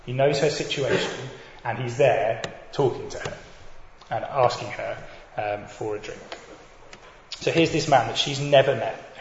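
A man preaching a sermon, earnest and reflective, speaking directly to his listeners. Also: mid-range voice. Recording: dull echoey hall with faint noise.

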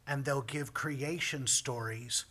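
A man explains scripture in an earnest, emphatic way. His voice is bright and forceful, with a husky, breathy edge. His hushed stretches sink to a near-whisper. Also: mid-range voice, slow pace. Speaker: Bible teacher. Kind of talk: Bible teaching with commentary.

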